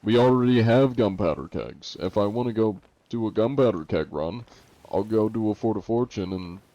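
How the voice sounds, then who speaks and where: A male game streamer with a very low, gravelly voice, chatting in a relaxed, joking way. His tone is mellow and dark. The sound is close and dry but dull, like lo-fi stream audio. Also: normal speed. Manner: laid-back, joking, reacts to chat. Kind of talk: casual live stream chat.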